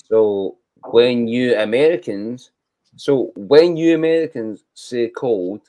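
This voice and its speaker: A man's voice: mid-range voice, slow, dark tone. A man with a Scottish accent chatting casually, swearing freely and loosely. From Scotland. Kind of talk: casual chat.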